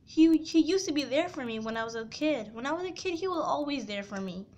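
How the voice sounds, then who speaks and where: High-voiced young woman, tearful confession. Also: expressive, fairly quick, darkish tone. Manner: tearful, heartfelt, many "you know" fillers. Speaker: vlogger. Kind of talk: emotional storytime confession.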